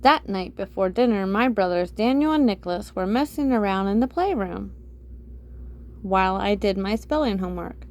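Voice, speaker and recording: A woman reads a children's chapter book aloud, speaking with a middling pitch and an inviting tone. She turns to the young listeners directly now and then, drawing them into the story. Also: animated, normal speed.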